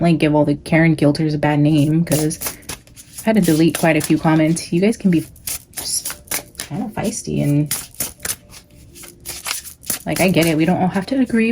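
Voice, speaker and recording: A young adult woman with a Californian accent, a psychic tarot reader, chats casually with her viewers, addressing them as "guys," and prays aloud. Her voice is fairly low and dark, with a little hiss or hum in the recording.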